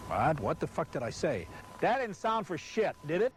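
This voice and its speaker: Man, swearing nonstop, exasperated, fumbling lines on a film set, lively up-and-down voice, loud hiss on the tape. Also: a little high, normal speed. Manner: cursing constantly, exasperated, forgetting his lines. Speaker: on-camera presenter of an industrial film. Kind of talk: blown takes and outtakes on a film shoot. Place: hot studio set beside a car under bright lights.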